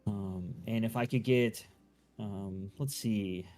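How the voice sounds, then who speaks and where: A man's voice: fairly low pitch, takes it slowly, dark tone, faint music behind. A man running a tabletop game as game master, narrating loosely with many fillers and restarts.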